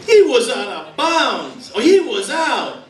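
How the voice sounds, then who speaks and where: A male comedian voicing a brash male New York sports fan who yells at the TV, recorded in a roomy club with crowd laughter. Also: high-pitched, lively intonation, very slow, recorded from a distance, pitched above the performer's own voice, exaggerated voice. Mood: hollering. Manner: yelling, brash.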